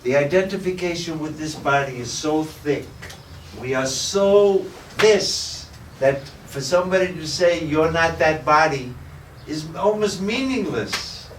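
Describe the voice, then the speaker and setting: Animated yet a little slow, a spirituality teacher with a higher-pitched voice shares a humorous parable with a small audience. The recording has a roomy echo from a distant mic, plus a little hiss or hum.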